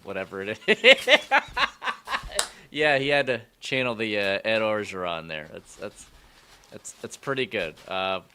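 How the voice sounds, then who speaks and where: A man's voice: on the low side, lively intonation, measured pace, pauses often, sharp tone. A man co-hosting sports talk radio, teasing and jokey with his partner. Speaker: radio co-host.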